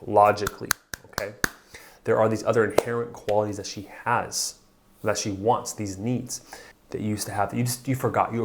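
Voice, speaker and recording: A male marriage coach giving a motivational talk to camera. He speaks in a fairly low voice and is blunt and pushy, dropping profanity to drive his point home.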